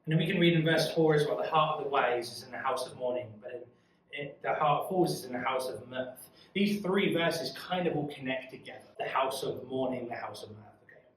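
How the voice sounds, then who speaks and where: A man's voice: mid-range voice, fairly quick, distant mic, slight background noise. Man teaching in an echoey room. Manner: earnest, conversational, asks the group questions. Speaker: youth Bible study leader. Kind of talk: Bible study teaching. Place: church room.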